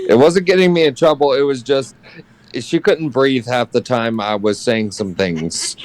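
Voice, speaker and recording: A man's voice: mid-range voice, measured pace, a little mellow, low-quality recording. A man telling casual stories in voice chat with a dry, sarcastic manner. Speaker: friend in voice chat. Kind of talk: casual storytelling.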